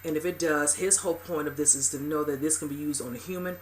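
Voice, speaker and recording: A host talks through a TV episode at a brisk clip, piling up fillers as they go. The voice sits at a middling pitch, and the delivery is loose and rambling, with emphatic exclamations. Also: fairly even intonation, a little hiss or hum. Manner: rambling, heavy use of "you know" and "whatever"; emphatic, exclaiming at upsetting scenes. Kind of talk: casual episode recap commentary.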